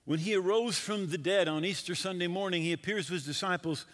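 A male pastor preaching a sermon in an animated way, asking his listeners questions directly. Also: high-pitched, brisk. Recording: long hall reverb.

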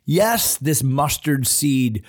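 A man pastor giving an earnest devotional sermon, slowing down to stress the scripture he quotes. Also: medium pitch, sing-song.

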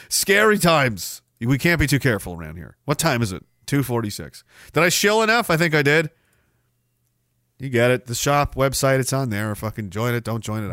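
A man hosts a casual livestream, reading out chat comments. He rants with profanity and sarcasm and breaks into loud mocking outbursts. His voice is slightly high and sharply forceful, and the sound is dry and close. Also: no room sound. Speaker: livestream host.

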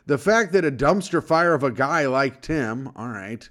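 A man's voice: medium pitch, expressive, normal speed, fairly bright tone. A man co-hosting a casual podcast, bickering and teasing, fussy about the sound levels. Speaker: podcast co-host. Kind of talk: casual chat.

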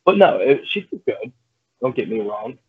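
A man's voice: medium pitch, sing-song, normal speed, slightly rough, no room sound. A man who is a podcast guest, teasing and needling the host in casual chat. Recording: tinny phone-like call audio.

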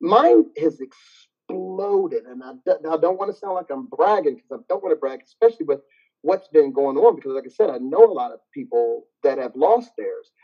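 A middle-aged man with a slightly high voice, animatedly telling stories and laughing often in a casual interview. The recording is dull and lo-fi, as if captured on modest gear. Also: expressive, moderate pace. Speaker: gym owner and guest. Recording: dull lo-fi sound.

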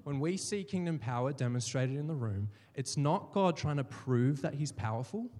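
A man's voice: mid-range voice, animated, moderate pace, warm tone. A man preaching a sermon as a pastor, telling stories and acting out the people he quotes. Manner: storytelling, acts out quoted voices. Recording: reverberant hall.

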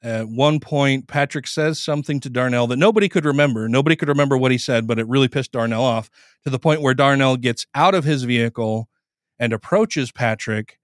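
Smooth-voiced man casually retelling a story. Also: medium pitch, a little fast, dry recording, clean studio sound. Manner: conversational, profane, acts out quoted lines. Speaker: podcast host. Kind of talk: casual retelling of a court case.

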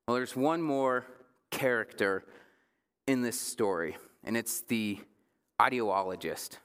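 A man in his thirties, a pastor giving a casual sermon, joking with the congregation and slowing down for emphasis. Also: medium pitch, a bit bright, clean tone, big-room sound. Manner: conversational preaching with jokes and slow emphatic phrases. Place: church sanctuary.

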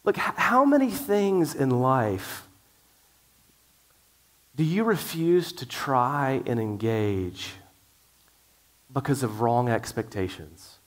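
A man's voice: mid-range voice, animated, slow, long pauses. A middle-aged male pastor preaching a sermon in an earnest way, with frequent restarts.

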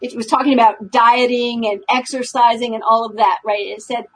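A woman with a slightly high, breathy voice speaks earnestly and with emphasis on a podcast. Her tone is coaching and heartfelt. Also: steady tone, normal speed, rough recording. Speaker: podcast co-host. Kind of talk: casual chat.

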